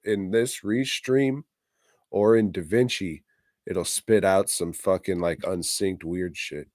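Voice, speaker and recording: A man's voice: low voice, fairly even intonation, takes it slowly, a little mellow, no room sound, studio quality. A man co-hosting a podcast, chatting casually and swearing in exasperation. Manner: profane, exasperated. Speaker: podcast co-host.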